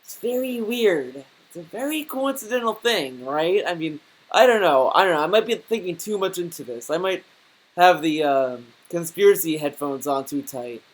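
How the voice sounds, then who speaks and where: A man's voice: sits high, expressive, normal speed, poor audio. A man giving a reaction commentary as a YouTuber, stammering and repeating words as he rants and swears.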